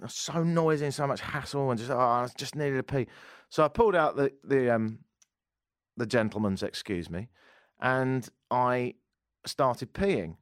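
A man's voice: medium pitch, a little slow, no echo. An English man hosting a talk show, telling a casual, self-mocking anecdote. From England. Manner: chatty, self-mocking storyteller. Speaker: radio talk show host.

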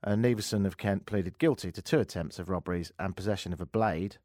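A man's voice: deep voice, fast, hardly any pauses, darkish tone, no room sound, studio quality. A man from England hosting a comedic talk radio show, joking and sarcastic as he banters and tells news stories. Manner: joking, sarcastic, laughs at his own lines. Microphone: studio microphone.

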